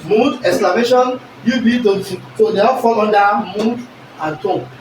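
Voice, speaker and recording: Animated male teacher in an echoey classroom. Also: sits high, unhurried, a little hiss or hum. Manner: animated, repeatedly checks understanding with the class. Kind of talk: classroom English lesson. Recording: echoey room recorded from a distance.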